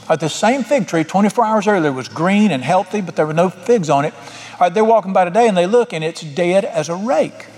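Pastor, male, somewhat high voice, folksy conversational sermon, long reverb from the sanctuary. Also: animated, fairly quick, a little mellow. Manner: folksy, conversational preaching with repeated "all right".

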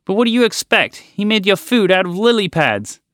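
A man voicing an angry, indignant male frog who shouts his complaints. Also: high-pitched, big pitch swings, normal speed, dry recording, clean studio sound, voice pushed up. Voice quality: shouting, exasperated.

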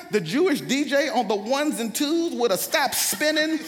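A man with an African-American accent preaching a sermon in a church, dynamic and playful, swinging into slangy asides and building to loud peaks. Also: very high voice, expressive, normal speed, faint music behind. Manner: dynamic, rising to near-shouting peaks; playful, slips into slangy impressions. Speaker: guest preacher. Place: church sanctuary. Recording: church hall reverb.

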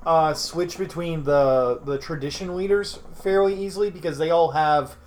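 A man's voice: on the high side, normal speed, slight background noise. A young man, a tabletop game master, answering interview questions in a casual chat, rambling with fillers and restarts.

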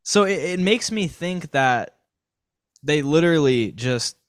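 A man co-hosting a casual sports podcast, thinking out loud with a rambling, speculative way of talking. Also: a little high, animated, unhurried, no echo. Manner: rambling, speculative, many fillers and restarts. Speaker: podcast co-host.

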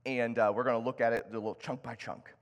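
Pastor guy preaching, chatty and relaxed, lots of hall echo. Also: mid-range voice, quick pace. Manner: conversational, with restarts and Scripture read aloud. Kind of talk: sermon. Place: church sanctuary. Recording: long hall reverb.

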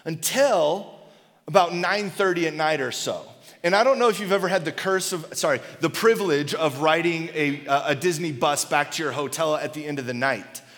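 A man in his thirties giving a sermon in a church auditorium, casual and animated, telling stories with lots of "like" and "right?". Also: fairly high pitch, moderate pace, in a large hall. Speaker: pastor.

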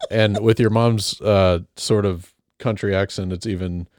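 A man's voice: lowish voice, steady tone, unhurried, darkish tone, no room sound, clean studio sound. A man co-hosting a casual chat, rambling and teasing with lots of fillers. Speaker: podcast co-host.

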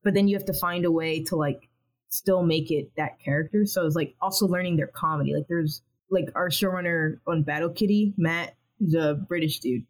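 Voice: mid-range voice, steady tone, moderate pace, low-quality recording. A TV animation writer talking casually in a podcast interview, rambling and acting out their own thoughts as quotes.

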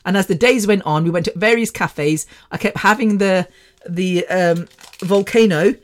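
A woman's voice: mid-range voice, moderate pace. Chatty woman in her fifties. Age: 50s. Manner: chatty, rambling, frequent laughter and mild swearing. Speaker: podcast host. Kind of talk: casual storytelling.

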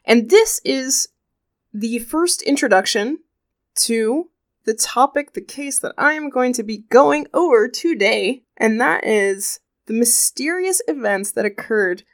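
A woman hosting a true crime podcast, chatty and animated with pop-culture asides. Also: fairly high pitch, measured pace. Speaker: podcast host.

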